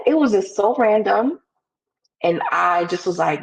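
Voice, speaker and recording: A woman's voice: fairly low pitch, animated, a little mellow, slightly rough, poor audio. A young woman, a podcast guest candidly telling a personal story and acting out the things people said. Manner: candid, quick, acts out quoted dialogue.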